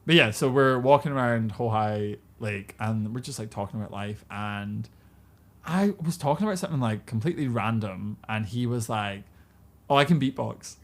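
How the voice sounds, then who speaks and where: A man's voice: on the low side, normal speed. A British man in his twenties chatting candidly as a podcast guest, laughing often and full of fillers. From Britain. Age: 20s. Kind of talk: casual chat.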